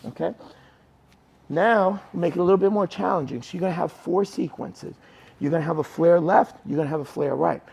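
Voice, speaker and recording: A middle-aged male jiu-jitsu instructor with a gravelly, husky voice, pitched a little high yet dark and mellow in tone. He coaches through a technique on the mat, checks in with short questions, and slips into quick asides where he plays his students. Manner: coaching, checks in with "right?" and "okay?".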